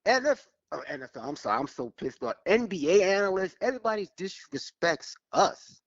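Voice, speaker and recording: A man's voice: high voice, sing-song, brisk, no echo. A man calling into a sports show by phone, heated and emphatic, repeating his points. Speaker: caller. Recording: dull phone line.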